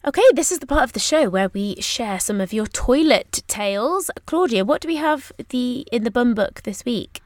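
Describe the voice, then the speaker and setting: A woman's voice: fairly high pitch, lively intonation, normal speed, hardly any pauses, no room sound. Bubbly woman, dry close sound. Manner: enthusiastic, bubbly. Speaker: podcast co-host. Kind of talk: casual podcast chat.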